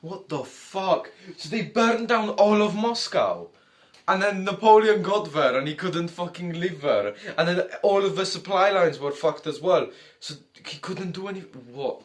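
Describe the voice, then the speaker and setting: A man's voice: sits high, animated, moderate pace. A young man doing a crude, joking reaction commentary, calling everyone comrades in a mock Russian persona. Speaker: reaction streamer.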